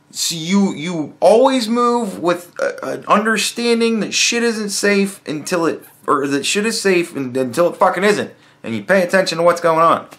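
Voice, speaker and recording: High-voiced man ranting with heavy swearing. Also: a bit bright. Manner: blunt, heavy swearing, frequent restarts. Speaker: vlogger commentator. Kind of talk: profane reaction rant.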